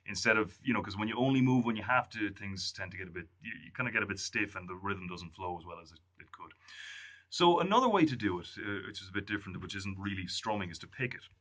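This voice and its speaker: A man giving a casual music lesson, counting beats and humming strum rhythms in a relaxed way. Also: fairly low pitch. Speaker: music tutor. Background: ukulele strumming.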